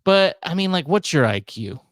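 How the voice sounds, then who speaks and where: A man's voice: a little high, very animated, moderate pace, dry recording. Rambling, self-mocking man in his thirties. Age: 30s. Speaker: podcast host. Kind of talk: casual solo monologue.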